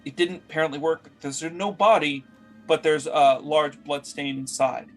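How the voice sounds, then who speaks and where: A man's voice: fairly high pitch, steady tone, normal speed, faint music behind. A man narrating as game master for a tabletop game, rambling with many fillers as he searches for words.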